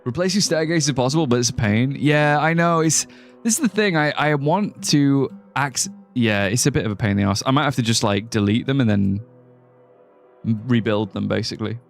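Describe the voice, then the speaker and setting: Lively, joking male game streamer. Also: mid-range voice, moderate pace, creaky. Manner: rambling, joking, often laughing. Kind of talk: casual live-stream chat over gameplay. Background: faint music.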